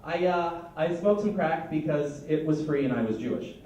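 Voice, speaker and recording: Rambling stand-up comedian on a club stage. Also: male voice, a little high, moderate pace, crowd noise. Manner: loose, rambling delivery with stammered restarts. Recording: echoey club recorded from a distance.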